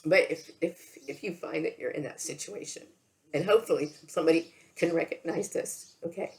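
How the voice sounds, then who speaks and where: A tearful woman speaks to camera in a personal vlog. Her voice sits very low and crackles with vocal fry. She talks haltingly, doubling back on her words and checking in with an "okay" as she goes. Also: darkish tone. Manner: halting, repeats words, often says okay. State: tearful, emotional. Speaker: vlogger. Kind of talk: emotional personal monologue to camera.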